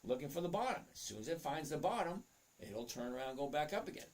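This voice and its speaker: Quick and very animated, with a slightly high voice, this man runs a stock trading livestream. He chats loosely, reading comments, calling out viewers by name, and breaking down charts step by step.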